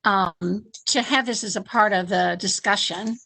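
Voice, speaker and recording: A woman's voice: medium pitch, a little slow, vocal fry, bright, forceful tone. A woman on the board giving a hesitant, thoughtful reply. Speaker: board member responding.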